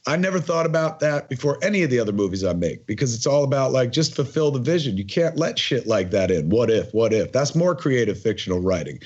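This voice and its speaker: A man in his forties speaks as a podcast guest, husky and a bit breathy. His pitch swings widely as he rambles emphatically and swears freely. The audio is muffled and lo-fi. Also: big pitch swings, fast talker, few pauses, a little mellow. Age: 40s. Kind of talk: casual conversational interview.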